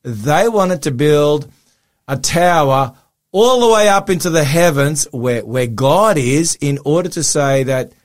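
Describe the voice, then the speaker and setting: Earnest croaky-voiced pastor man. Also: fairly high pitch, expressive, a little slow. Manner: earnest, explanatory, with restarts. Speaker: pastor, co-host. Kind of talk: Bible study talk show.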